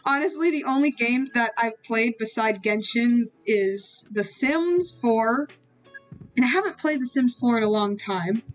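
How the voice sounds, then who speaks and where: A woman's voice: on the high side, measured pace, faint music behind. A young woman chatting casually while she draws, rambling, giggling and using slang. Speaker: artist streaming while drawing. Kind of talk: casual chat while drawing.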